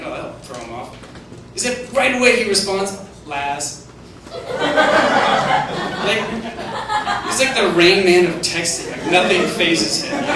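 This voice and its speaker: A young man works through a stand-up set in a hesitant, self-mocking way, leaning on "like" as he goes. His voice sits a little high. It is picked up from a distance in a very echoey theater with clear noise underneath. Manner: halting, self-deprecating delivery with many "like"s. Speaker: stand-up comedian. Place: comedy theater stage.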